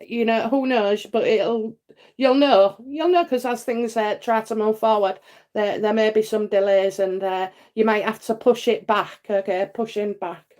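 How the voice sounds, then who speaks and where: A woman's voice: medium pitch, fairly even intonation, unhurried, a little mellow. A woman hosting a live psychic reading stream, chatty and reassuring, with many fillers and frequent "okay?" checks. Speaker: psychic host answering viewer questions.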